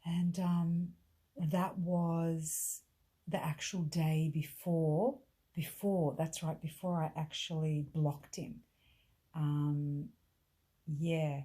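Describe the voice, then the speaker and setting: Middle-aged woman, husky and low, casual halting storyteller who drops into whispers. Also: fairly even intonation, mellow. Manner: halting, full of restarts and quoted dialogue, drops to whispers. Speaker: vlogger telling her own story.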